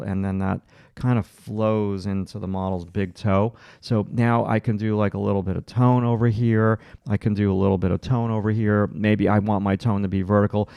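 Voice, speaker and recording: Gravelly-voiced man coaching while he draws. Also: on the low side, darkish tone, no echo, studio quality. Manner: talks through each stroke in short, encouraging bursts. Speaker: art instructor. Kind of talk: livestream drawing lesson, thinking aloud while sketching.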